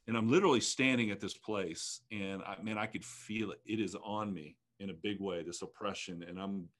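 A man in his fifties with a fairly low voice shares his personal story in an interview. He speaks earnestly and reflectively. He often halts and restarts his sentences. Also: steady tone, normal speed, fairly bright tone. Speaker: ministry leader guest.

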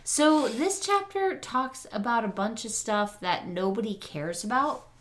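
Casting: woman podcast co-host, unhurried, lively swinging pitch, playful, hesitant fillers. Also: a little hiss or hum. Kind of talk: casual podcast chat.

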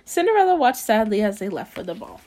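A woman's voice: medium pitch, sing-song, fast, darkish tone, a little hiss or hum. A woman hosting a casual podcast who reads a bedtime story aloud and often rambles off topic, peppering her talk with "like.". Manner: rambling, drifts off topic, frequent "like" fillers. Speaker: podcast host.

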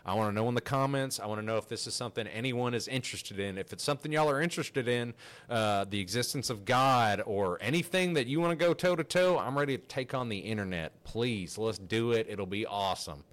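A man hosting a podcast, telling a story in a casual, animated, rambling way with frequent restarts. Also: medium pitch, a little fast. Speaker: podcast host.

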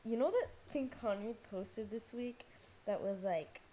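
A young woman talks alone on her podcast in a loose, rambling way. She says "like" all the time, swears freely, pokes fun at herself and drifts off topic. Her voice is mellow and soft-edged, with a faint hiss under it. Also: fairly high pitch, measured pace. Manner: rambling, self-mocking, heavy use of "like", frequent swearing; jumps between topics, loses her thread. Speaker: podcast host. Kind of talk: casual solo chat. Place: at home, on her phone.

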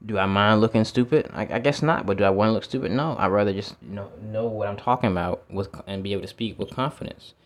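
A man's voice: fairly low pitch, fast talker, hardly any pauses. A man who works as a teacher, talking through his thoughts in a casual, reflective monologue outdoors, repeating words and swearing now and then. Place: outdoors with feet in water.

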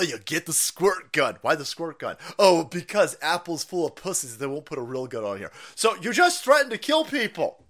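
A man hosting a stream, ranting in profane political commentary with mocking asides and sudden shouts. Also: mid-range voice. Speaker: streamer host.

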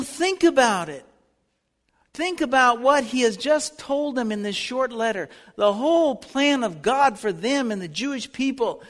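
A man's voice: extremely high pitch, a bit bright. A man teaching a Bible lesson in sermon style, earnest and building to fervent appeals. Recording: long reverb of a hall.

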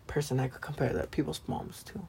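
A woman's voice: very deep voice, steady tone, brisk, creaky, warm tone, breathy edge. A woman co-hosting a podcast, chatting casually and bluntly with plenty of slang and swearing while she does her makeup. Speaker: podcast co-host. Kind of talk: casual chat.

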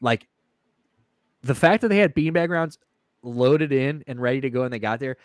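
A man's voice: mid-range voice, moderate pace, no room sound, studio quality. A man co-hosting a podcast in casual chat, rambling and swearing as he tells a story, acting out the people in it. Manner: rambling, swearing, acts out voices in retelling. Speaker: podcast co-host.

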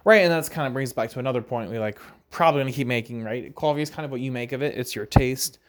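A man's voice: medium pitch, quick pace. A man hosting a casual solo podcast chat, rambling loosely with lots of "like" and "right?" and the odd easy laugh. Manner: rambling, filler-heavy, frequent "like" and "right?"; relaxed, laughs now and then. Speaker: podcast host.

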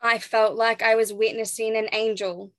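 Young pregnant woman telling her story in an interview, kinda halting, slightly high voice, dry close sound. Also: flat delivery, no room sound. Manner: reflective, halting, with restarts and soft laughs. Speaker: interview guest.

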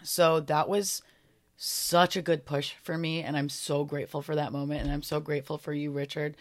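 A woman's voice: sits low, little pitch movement, normal speed. A young woman hosting her own podcast, talking in an earnest, heartfelt way as she reflects on her year. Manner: earnest and heartfelt, a little emotional at times. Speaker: podcast host. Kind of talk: reflective solo podcast talk.

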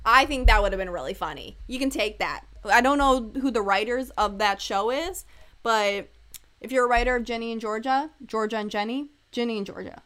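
A woman's voice: on the high side, fairly quick, fairly bright tone. A woman in her twenties hosting a casual solo podcast, candid and rambling with lots of asides, joking irreverently and laughing often. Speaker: podcast host.

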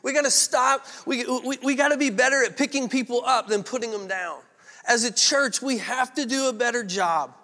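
A man's voice: extremely high pitch, moderate pace, bright, forceful tone, big-room sound. A male pastor preaching a sermon in a candid, conversational storytelling way.

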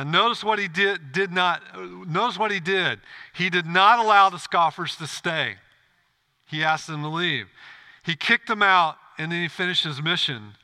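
A male pastor delivering an earnest sermon, turning to the congregation with repeated questions. His voice is very bright and ringing, sitting a little higher than most men's. He speaks from the pulpit of a church.

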